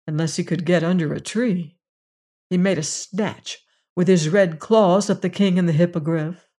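A storyteller reading a fairy tale aloud in a gentle, measured way, as host of a weekly reading. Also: mid-range voice.

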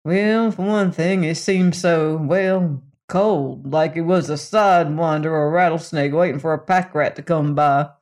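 A man's voice: fairly high pitch, measured pace, hardly any pauses, a little mellow. A man voicing a blunt, hesitant frontier townsman who speaks in rural dialect. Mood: gossipy.

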